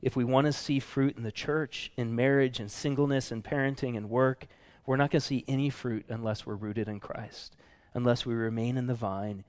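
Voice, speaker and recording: A man delivers a sermon in a loose, conversational way, circling back and correcting himself as he talks. His voice sits at an ordinary middle pitch, and he jumps up high when he acts out what other people say. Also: steady tone, moderate pace, darkish tone. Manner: casual, chatty, full of fillers and self-corrections. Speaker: pastor.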